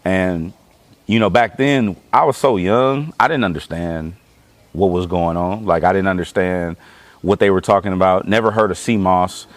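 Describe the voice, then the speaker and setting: A young man talks in a loose, slangy way and swears freely as he tells stories. His voice sits a little low. The sound is close and dry, with almost no room in it. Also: moderate pace, no room sound. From east side of Los Angeles. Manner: laid-back slangy storytelling, swearing freely. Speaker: guest. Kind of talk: casual chat.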